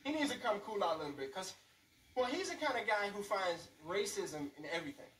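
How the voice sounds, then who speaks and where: A man's voice: sits high, brisk. A man performing a stand-up comedy set on a club stage, telling stories animatedly and slipping into voices. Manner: animated, storytelling, lots of voices. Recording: roomy club sound from far off, faint room noise.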